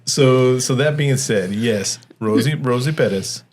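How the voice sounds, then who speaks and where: A man's voice: mid-range voice, a little slow, darkish tone, a little hiss or hum. A man co-hosting a movie review podcast in casual chat, rambling with stumbling restarts and frequent laughs. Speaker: podcast co-host.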